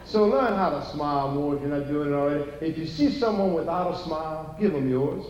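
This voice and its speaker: Here the older Cajun Louisiana storyteller moves briskly, his fairly high voice carrying rambling, folksy jokes to a live theater audience, with background noise around him. It's live stand-up comedy, heard through a roomy, distant, dull audience recording.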